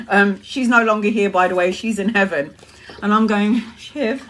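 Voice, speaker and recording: A woman, a mother hosting a live tarot stream, tells a personal story in a casual, animated way, swearing often and laughing between lines. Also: medium pitch, measured pace. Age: adult mother. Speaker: tarot reader and livestream host.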